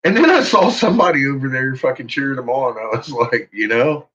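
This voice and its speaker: A man's voice: mid-range voice, animated, a little fast, a bit bright. A man hosting a casual, mocking commentary, swearing freely and breaking into laughter as he ridicules what he watches. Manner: profane, laughs often, ridiculing. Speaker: channel host. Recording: muffled lo-fi audio.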